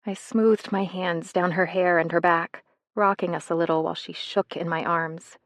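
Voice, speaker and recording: A woman's voice: lowish voice, fairly even intonation, moderate pace, no room sound. Woman narrating a romance audiobook, dry. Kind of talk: scripted narration.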